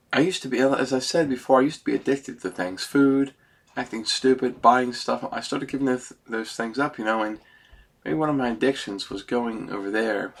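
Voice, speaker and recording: In a rambling, emotional personal vlog monologue, a middle-aged man comes close to tears and closes many of his sentences with "man." His voice is mid-range and a bit bright.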